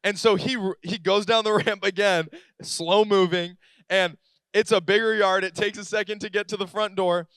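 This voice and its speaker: A man's voice: sits high, fairly even intonation, moderate pace, a bit bright, clean tone, dry recording. A young adult man, a pastor, telling a personal story in a casual, filler-heavy sermon. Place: church auditorium.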